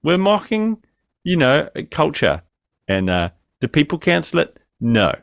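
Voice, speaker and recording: Crude, ranting podcast man, gravelly. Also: a little high, wildly swooping pitch, unhurried, no echo. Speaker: podcast co-host. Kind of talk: casual podcast banter.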